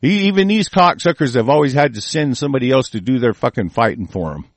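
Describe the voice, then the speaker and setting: A man's voice: medium pitch, animated, quick pace, dry recording. A man hosting a talk show, delivering a furious, profane and confrontational political rant.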